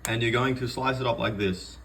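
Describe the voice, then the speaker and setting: A man's voice: medium pitch, steady tone, fairly quick, heavy background noise. Joking man cooking at home. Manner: joking, rambling, self-deprecating. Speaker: cooking vlogger. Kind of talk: casual cooking demonstration. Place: home kitchen.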